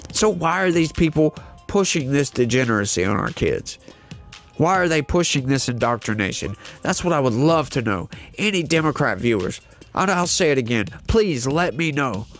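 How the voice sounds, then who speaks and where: A man's voice: a little high, a bit bright. A man with a southern Louisiana accent, reading the news and giving heated opinion commentary, hyper and ranting with lots of rhetorical questions. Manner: hyper and scattered. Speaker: political commentary host.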